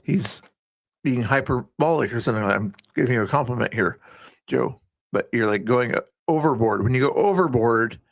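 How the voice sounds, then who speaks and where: A man's voice: mid-range voice, moderate pace, creaky, no room sound. A man hosting a casual livestream, rambling and often breaking off mid-sentence. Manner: rambling, self-interrupting. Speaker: livestream host.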